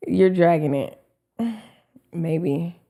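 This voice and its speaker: A woman's voice: lowish voice, steady tone, extremely slow, warm tone. A woman co-hosting a podcast in casual chat, joking around, teasing and swearing. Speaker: podcast co-host.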